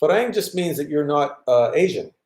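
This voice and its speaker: A man's voice: fairly high pitch, lively intonation, moderate pace, a little mellow. A man casually chatting on a live stream, reading viewer comments aloud and answering them. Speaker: vlogger answering live chat.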